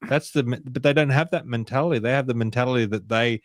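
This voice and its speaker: A man's voice: mid-range voice, fast talker, no room sound, studio quality. A man hosting a casual panel talk show, steering the discussion in a conversational way. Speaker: host.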